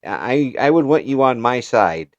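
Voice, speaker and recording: An American man hosts a relaxed interview, his pitch swinging up and down as he talks. He restarts his sentences often and laughs easily between thoughts. His voice sits dry and close to the mic. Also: unhurried, dry recording, highs cut off. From United States. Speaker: interview show host. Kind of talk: casual interview chat.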